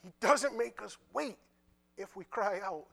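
A man preaching a sermon, reading scripture and retelling it in casual, conversational dialogue, with quiet asides in between. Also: sits high, measured pace, vocal fry. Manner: animated, drops to quiet asides.

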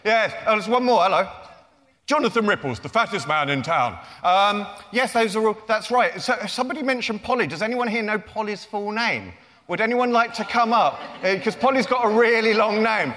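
A man's voice: sits high, animated, normal speed, sharp tone. A man in his forties, a children's author, giving a playful, self-mocking comic talk to young fans. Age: 40s. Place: large lecture theatre. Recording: reverberant hall.

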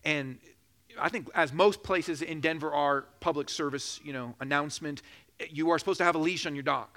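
Man, pastor, sermon, high voice, bright tone, jokes and laughs, slows down for emphasis. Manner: preaching with rising emphasis, slowing for key phrases; jokes and laughs during a personal story.

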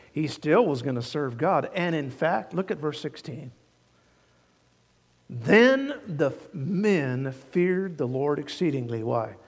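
Gravelly folksy preacher in a big hall. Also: male voice, a little high. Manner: folksy preaching, builds to loud emphatic peaks. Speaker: pastor. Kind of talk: sermon.

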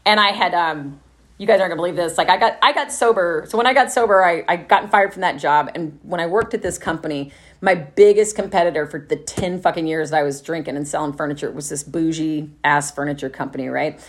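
A middle-aged woman from Texas, telling her own story at a recovery meeting in a profane, laughing, animated way. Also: low-pitched, fast. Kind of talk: candid personal testimony.

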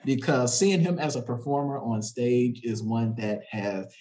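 A man talking in a casual chat among friends, halting and laughing between phrases. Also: mid-range voice, warm tone, rough recording.

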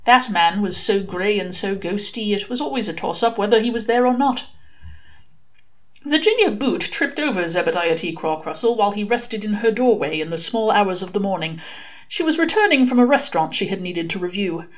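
A woman reading a short story aloud as an expressive audiobook narrator. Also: mid-range voice, moderate pace. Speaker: reader.

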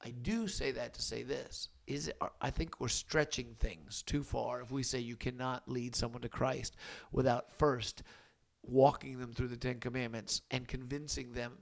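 A man with a gravelly, creaky voice leads a relaxed podcast talk about scripture. He is folksy and teasing, and he often doubles back and restarts his sentences. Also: mid-range voice, moderate pace, few pauses. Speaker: podcast co-host. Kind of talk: casual Bible discussion.

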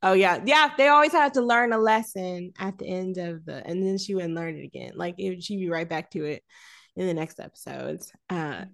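A woman co-hosting a podcast, chatting casually about a film, animated and laughing often as she riffs. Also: fairly low pitch, normal speed, gravelly. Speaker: podcast co-host.

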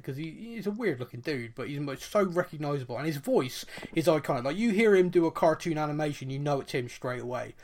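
A man from England hosting a football podcast in casual chat. His voice sits on the higher side for a man, and he talks with animated, quick asides.

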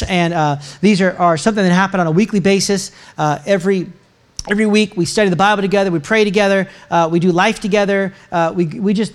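A middle-aged man, a pastor, giving announcements and a sermon in a church in a casual, joking way. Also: high-pitched. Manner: casual, chatty, self-mocking humor. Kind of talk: sermon with announcements and a personal story. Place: church sanctuary.

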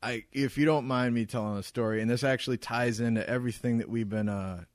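A man in his thirties holds the floor on a casual podcast and tells a long story about annoying customers. He rants and swears freely in a mid-pitched voice. The recording is close and dry, with no room sound. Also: steady tone, fast talker, no room sound. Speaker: podcast co-host.

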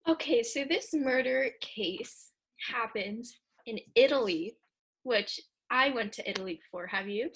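A woman's voice: a little high, a little slow, fairly bright tone, slightly rough. A teenage girl co-hosting a casual podcast, telling the story in a chatty, giggly way. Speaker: podcast co-host. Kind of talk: casual chat.

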